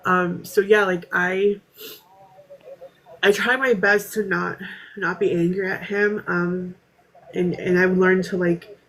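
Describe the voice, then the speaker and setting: Halting, flat-voiced woman sharing her story. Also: on the low side, poor audio. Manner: halting, frequent fillers and restarts. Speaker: podcast panel guest. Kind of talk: candid personal storytelling.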